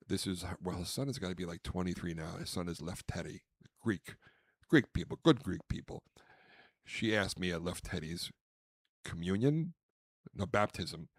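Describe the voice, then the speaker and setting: A man co-hosting a podcast, telling a long comic story in a casual, animated way and acting out voices. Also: deep voice, dry recording. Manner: animated, acts out quotes loudly. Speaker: podcast co-host, comedian.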